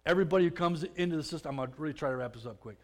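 A man giving a personal testimony in a conversational way, often restarting his words and growing louder as the story builds. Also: a little high, rapid-fire. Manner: conversational, repeats and restarts words, swells louder when excited.

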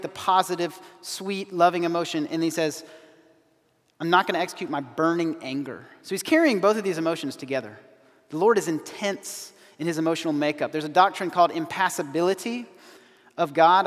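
A man's voice: fairly high pitch, big-room sound. A man preaching a sermon, earnest and emphatic, quoting scripture with rising emphasis. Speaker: pastor.

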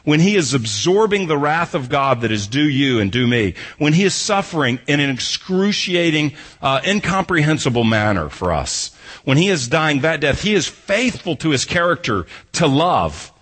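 A man's voice: fairly high pitch, sing-song, normal speed, fairly bright tone, husky. A man preaching an expository sermon who reads a scripture passage and then explains it, driving his points home through emphatic repetition. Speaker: pastor.

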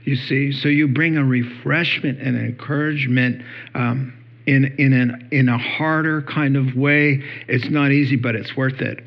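A man's voice: mid-range voice, fairly even intonation, unhurried, creaky, highs cut off. A male pastor giving a conversational sermon, telling stories with many fillers.

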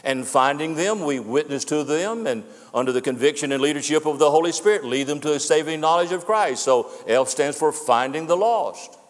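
An older man preaches in a church, his slightly high voice carrying a long hall reverb. He speaks earnestly and emphatically, circling back on key words. The delivery is a pastor's steady pulpit style. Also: a little fast, hardly any pauses. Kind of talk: farewell sermon. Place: church sanctuary.

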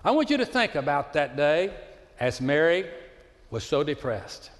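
Pastor, male, mid-high voice, impassioned sermon that drops to hushed asides; long church-hall reverb. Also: sing-song, a little slow. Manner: impassioned preaching, swings between loud appeals and hushed asides. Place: church sanctuary with live congregation.

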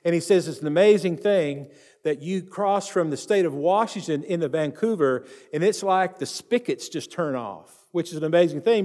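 A man's voice: on the high side, a little mellow, in a large hall. A man, a pastor telling a story in a sermon and acting out the people in it. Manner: retells stories with quoted voices, repeats phrases.

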